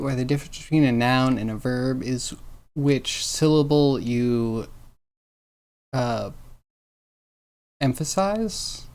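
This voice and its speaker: A man's voice: medium pitch, darkish tone. A man streaming as he sculpts, musing aloud in a rambling way and chuckling now and then. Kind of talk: casual talk while sculpting on stream.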